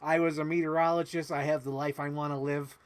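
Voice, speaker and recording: An earnest young man who speaks gently and sincerely, as a man quotes him. The voice stays near the speaker's own, with a slightly high pitch. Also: level tone, quick pace, lightly acted.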